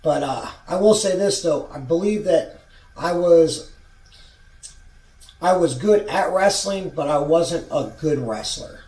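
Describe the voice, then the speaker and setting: A man's voice: on the high side, takes it slowly, a little mellow. A man in his forties telling a rambling, profane story from his own past in a casual vlog. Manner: rambling, profane, restarts a lot. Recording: roomy sound, far from mic.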